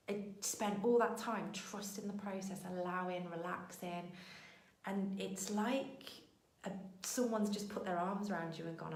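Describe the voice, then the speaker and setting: A woman's voice: medium pitch, steady tone, moderate pace, darkish tone, roomy sound, rough recording. A woman hosting a weekly show, telling a heartfelt motivational story in an earnest way and sometimes getting tearful. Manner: emotional, voice breaking into tears at times; earnest, storytelling with acted-out quotes.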